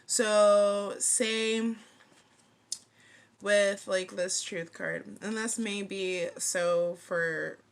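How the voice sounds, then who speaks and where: A woman's voice: mid-range voice, steady tone, drawn-out words, smooth. A woman in her thirties giving a casual tarot reading to camera, chatty and playful, leaning on "like" and laughing often. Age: 30s. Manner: chatty, fillers of "like", frequent laughter, playful slang. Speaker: tarot card reader.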